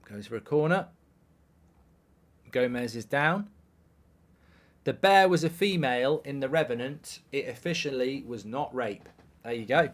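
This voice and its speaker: With an unhurried, medium-pitched voice and frequent pauses, a man in his thirties hosts a live football watchalong. He chats casually, reading out stream comments and viewer questions with dry indifference.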